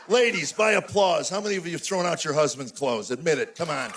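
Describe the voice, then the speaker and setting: A man's voice: high voice, brisk, hardly any pauses, fairly bright tone, slight background noise. A man in his sixties doing a stand-up routine on a live stage, telling exasperated stories with punchy mock outrage. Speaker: stand-up comedian.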